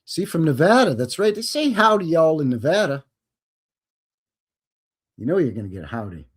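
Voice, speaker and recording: Joking host with a lively, bouncing voice. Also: male voice, medium pitch, moderate pace, husky. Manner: joking, rambling, slips into silly voices. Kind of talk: casual live-stream chat.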